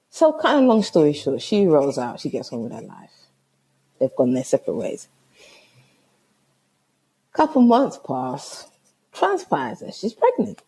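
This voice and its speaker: A woman with a low, husky voice tells a story in casual podcast talk. She speaks with lively swings in pitch, swears freely, and acts out both sides of the conversation. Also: a little slow, long pauses. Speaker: podcast host.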